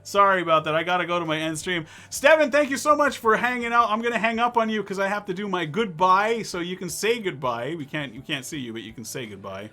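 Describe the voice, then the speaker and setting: A man hosting a live-stream talk show, chatting casually in a rambling, excitable, jokey way. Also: high voice, fast talker, hardly any pauses, faint music behind.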